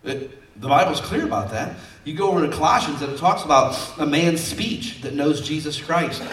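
A man's voice: a little high, expressive, normal speed, a bit bright, a little hiss or hum. Male pastor, sermon, folksy, conversational, echoey church, distant mic. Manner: folksy and conversational, acting out quotes.

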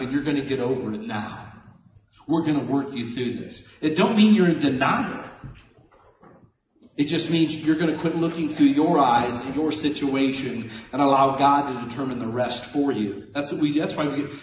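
A man's voice: a little high, slight background noise. Folksy preacher man, echoey church. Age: middle-aged. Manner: animated, folksy preaching with sudden swings between loud and soft. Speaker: pastor. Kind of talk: sermon. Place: church sanctuary. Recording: echoey church hall from a distance.

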